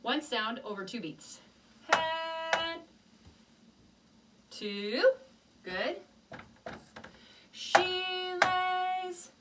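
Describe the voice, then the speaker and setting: A woman's voice: high-pitched, lively intonation, extremely slow, pauses often, distant mic. A woman teaching a children's music lesson, patiently explaining rhythms step by step and chanting rhythm syllables.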